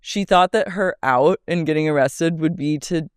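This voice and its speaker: A woman podcast co-host talks through a reality show in a relaxed, chatty way. Her voice is smooth and clear, and it is recorded dry and close. She often reads passages aloud. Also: moderate pace, dry recording. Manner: reads excerpts aloud, mimics people in a high voice, laughs often. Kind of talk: casual chat, recapping a reality show.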